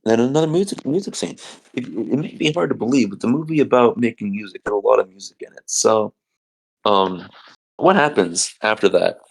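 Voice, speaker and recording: A man's voice: on the low side, animated, a little fast, vocal fry, husky, poor audio. A man co-hosting a podcast, rambling through a comedic movie recap and acting out the quotes in silly voices. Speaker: podcast co-host.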